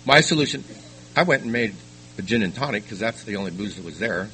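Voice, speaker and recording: An older man giving a personal testimony at a recovery meeting, telling his story haltingly with frequent restarts. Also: fairly low pitch, lively intonation, sharp tone, slight background noise, low-quality recording. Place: meeting room.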